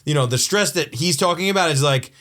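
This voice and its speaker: A man's voice: on the high side, fast talker, bright, forceful tone. A young man co-hosting a podcast, telling stories in casual chat and swearing freely. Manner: swearing, storytelling, laughs often. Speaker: podcast co-host.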